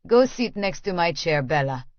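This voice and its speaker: A woman voicing a leering wealthy man who has a hint of a French accent and a smooth, insinuating way of talking. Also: on the low side, sing-song, moderate pace, dry recording, muffled recording.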